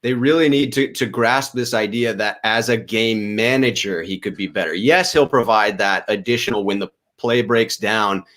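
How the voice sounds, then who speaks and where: A man's voice: lowish voice, normal speed, few pauses, a bit bright. Man from Boston explaining football. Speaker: co-host. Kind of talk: casual sports talk.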